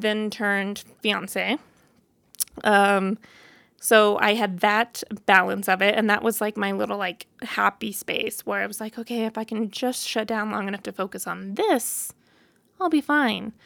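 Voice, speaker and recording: A woman's voice: mid-range voice, vocal fry, fairly bright tone, no echo. A woman in her thirties telling her personal story to camera in a frank, chatty way, full of fillers. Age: 30s. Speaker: vlogger.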